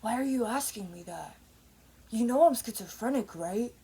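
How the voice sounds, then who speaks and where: A woman's voice: fairly high pitch, animated, normal speed, mellow, breathy edge, full character voice. A woman voicing a flustered young man on a phone call, pleading and defensive.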